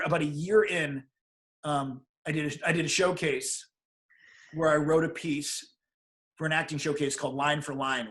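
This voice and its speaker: A middle-aged man, a guest on an interview show, telling a personal story in a casual, animated way and acting out the people he quotes. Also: on the high side. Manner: animated, acts out quoted voices.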